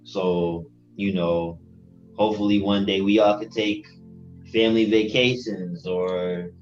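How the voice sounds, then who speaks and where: A low-voiced man chatting on a podcast, slow and a little hesitant. His words come soft and unhurried. The sound is roomy and dull, with faint music behind. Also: steady tone. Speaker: podcast co-host. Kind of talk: casual podcast chat. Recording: roomy, muffled audio.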